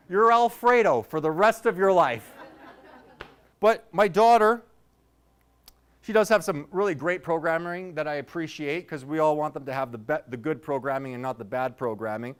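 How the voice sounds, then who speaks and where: A man's voice: on the high side, normal speed, long pauses, clean tone. A man in his thirties doing a stand-up set, telling loose, rambling stories with self-mocking asides. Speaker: stand-up comedian.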